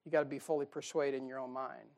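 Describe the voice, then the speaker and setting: A middle-aged male pastor preaching a sermon in his church in a folksy, joking way, moving between loud emphasis and quiet asides. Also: mid-range voice, level tone, fast. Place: church sanctuary.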